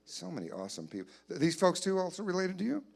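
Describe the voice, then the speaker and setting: A man's voice: sits high, huge pitch swings, creaky, darkish tone. Man teasing a live church crowd. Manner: teasing, quick banter with audience members. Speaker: comedian working the crowd. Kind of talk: live stand-up crowd work. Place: church hall with live audience.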